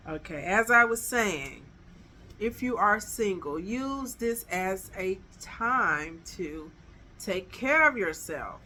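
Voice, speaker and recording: A woman's voice: medium pitch, lively intonation, slow, pushed and bright, a little hiss or hum. A middle-aged woman, giving emphatic, chatty dating advice straight to her viewers. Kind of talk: casual advice vlog.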